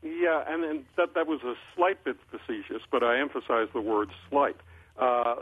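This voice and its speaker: Over a tinny phone line, an older man with a slightly husky, mid-range voice offers political commentary like a columnist. He's measured and unhurried yet lively in intonation, with frequent uhs and restarts between thoughts.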